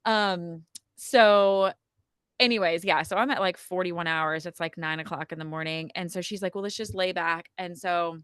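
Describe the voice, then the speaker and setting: A woman telling a personal story in a casual podcast conversation, chatty and animated, with plenty of "like" and "um". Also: fairly low pitch, normal speed, clear, resonant tone, no room sound, clean studio sound. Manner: chatty, frequent "like" and "um" fillers, animated retelling. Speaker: podcast guest telling her birth story.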